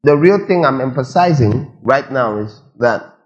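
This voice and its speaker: Male pastor, mid-pitched, insistent questioning sermon style, slightly muffled recording. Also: lively intonation, unhurried. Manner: preachy rhetorical questions, repetition for emphasis.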